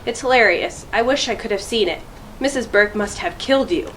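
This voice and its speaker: A woman's voice: mid-range voice, a little fast, a bit bright, a little hiss or hum, close to an everyday voice, low-quality recording. A woman doing a teasing big brother. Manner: laughing, teasing. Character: teasing older brother, amused.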